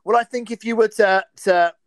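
A man co-hosting a casual podcast chat, brisk and teasing. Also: high-pitched, steady tone, a bit bright. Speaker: podcast co-host.

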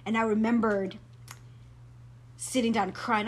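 A woman guest telling her faith testimony in an earnest, animated way. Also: on the high side, moderate pace, slightly rough.

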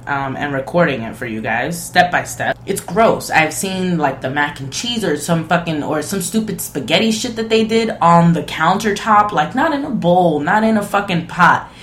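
A woman's voice: lowish voice, lively intonation, normal speed, few pauses, a bit bright, echoey room, slight background noise. A woman, hosting a podcast, ranting casually with lots of profanity and disbelief. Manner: profane, incredulous, rambling. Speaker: podcast host.

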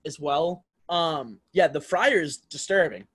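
A man's voice: fairly high pitch, expressive, measured pace, a bit bright, husky. A man in his twenties co-hosting a podcast at home, teasing his friends, laughing often and swearing freely in casual banter. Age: 20s. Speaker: podcast co-host. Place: home room.

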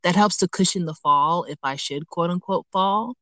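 A woman's voice: fairly low pitch, normal speed, fairly bright tone, dry recording. A woman hosting a podcast interview, speaking reflectively and searching for her words with frequent ums. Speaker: podcast host. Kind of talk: conversational interview.

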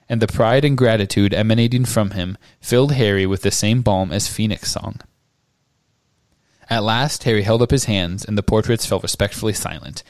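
A man co-hosting a podcast, reading a novel aloud in a steady, measured way. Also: on the low side, no echo. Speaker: podcast co-host.

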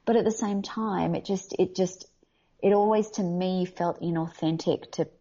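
An Australian actress speaking candidly and animatedly in a casual interview, often laughing. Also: female voice, fairly low pitch, fairly even intonation, normal speed, mellow. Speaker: voice actor guest. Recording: dull lo-fi audio.

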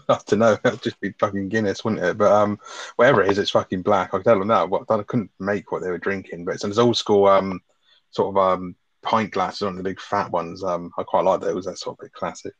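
A man co-hosting a podcast, reading a plot summary and chatting about a film in a relaxed way. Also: low-pitched, fast, dry recording. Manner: relaxed, laughs, tag questions. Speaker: podcast co-host. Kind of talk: reading a plot summary, then casual chat. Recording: dry, slightly dull mic sound.

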